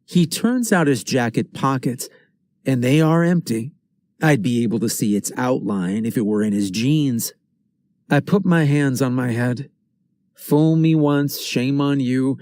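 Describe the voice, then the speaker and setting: A man narrating a first-person story in a measured, tense way. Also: medium pitch, expressive, a little mellow, dry recording.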